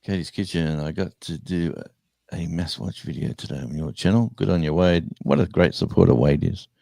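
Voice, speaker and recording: Gravelly low Australian older man. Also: brisk, warm tone, dry recording. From New South Wales, Australia. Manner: rambling, self-correcting, chatty storytelling. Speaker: livestream co-host. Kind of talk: casual live-stream chat.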